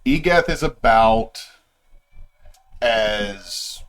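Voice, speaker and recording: A man's voice: lowish voice, animated, drawn-out words, fairly bright tone. A man as game master, casually walking his players through setting lore with plenty of fillers and restarts. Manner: rambling, filler-heavy explaining. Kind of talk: casual session-zero lore briefing.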